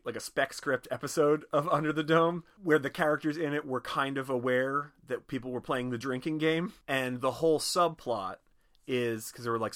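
Male podcast co-host, bright and lively, loose and profane. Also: mid-range voice. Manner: animated, swears freely, acts out quotes. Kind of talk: casual movie podcast chat.

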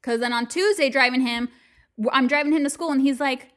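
A woman's voice: sits high, a little fast, fairly bright tone. A woman co-hosting a podcast in casual chat, telling stories animatedly, acting out quotes and swearing freely. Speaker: podcast co-host.

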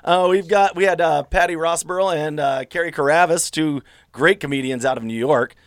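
A man's voice: a little high, normal speed, dry recording, clean studio sound. A man hosting a podcast, chatting casually, joking and laughing often. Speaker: podcast host. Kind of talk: casual chat.

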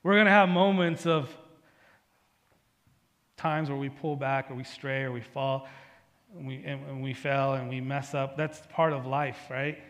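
A male pastor giving a sermon in a conversational, storytelling way, often checking in with the congregation with a quick "right?". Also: mid-range voice, steady tone, fairly bright tone, big-room sound. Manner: conversational preaching with personal stories and frequent "right?". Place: church sanctuary.

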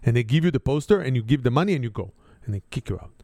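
A man with an Israeli accent spins an animated family story, his grammar simple and a little broken. His voice is warm and mellow. It is recorded close and dry, with no room sound. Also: mid-range voice, rapid-fire, dry recording.

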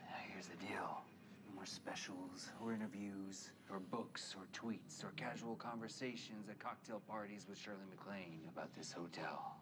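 A man acting in a television drama scene, speaking in a quiet, low-key way. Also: normal speed, natural voice. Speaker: actor in a TV drama clip. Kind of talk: scripted drama dialogue. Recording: clip with loud background noise. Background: loud ambient noise.

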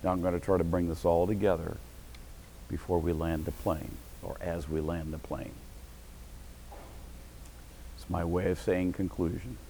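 A middle-aged man preaching a sermon as pastor, breaking into sudden shouted bursts of excitement. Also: deep voice, moderate pace, gravelly, pauses often, slight background noise, low-quality recording.

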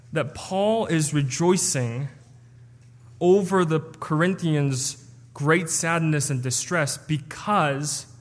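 A man's voice: on the high side, long reverb tail. A man preaching an expository sermon, explaining a passage earnestly with some stumbles and restarts.

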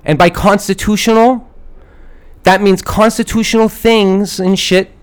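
A man's voice: high-pitched, steady tone, measured pace, clean tone. A man hosting a podcast, riffing in character with a mock-grandiose, rambling and profane comedic rant recorded in a studio at night. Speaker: podcast host. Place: studio at night in a big city.

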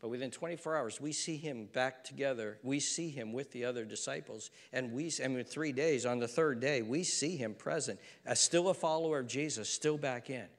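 A middle-aged man preaching a sermon as a pastor, swinging from loud exhortation to hushed intensity. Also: medium pitch, moderate pace, few pauses, long reverb tail.

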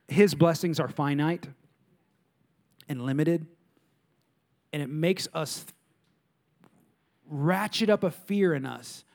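A man's voice: medium pitch, darkish tone. A man in his thirties preaching a sermon as a pastor, emphatic, repeating key lines and asking the audience questions.

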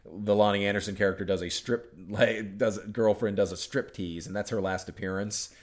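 A man co-hosting a podcast rambles through casual chat, restarting sentences as he retells scenes and acts out movie lines. His voice sits on the low side, with a steady tone and moderate pace.

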